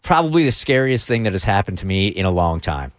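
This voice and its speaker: Middle-aged male radio host, lively storyteller, dry close mic. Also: low voice, no echo. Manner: animated, fast storytelling. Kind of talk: storytelling on a morning show.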